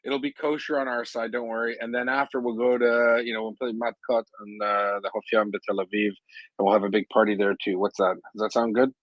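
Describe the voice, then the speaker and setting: A man in casual live-audio chat, talking in an animated, joking way with many restarts. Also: lowish voice, brisk, dry recording, low-quality recording.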